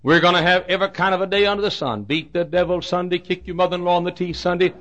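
A middle-aged pastor delivers a sermon in a high, bright voice. He tells a story at length and swells into shouted climaxes. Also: fairly even intonation, fast talker, muffled recording, slight background noise.

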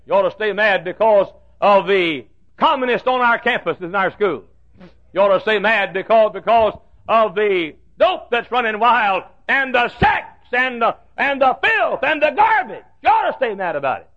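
A man preaching a fiery fundamentalist sermon, swinging from hushed asides to shouted warnings. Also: high-pitched, expressive, normal speed. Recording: dull lo-fi old recording.

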